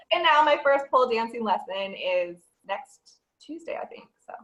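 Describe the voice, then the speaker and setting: A woman speaking as a guest in a casual podcast conversation, bubbly and quick to laugh. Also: a little high, lively intonation, pushed and bright, lo-fi sound.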